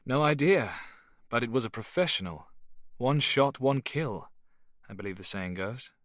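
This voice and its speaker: A man reading an audiobook voices a composed officer who briefs in a brisk, matter-of-fact way. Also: mid-range voice, lively intonation, a bit bright, no room sound, studio quality, natural voice.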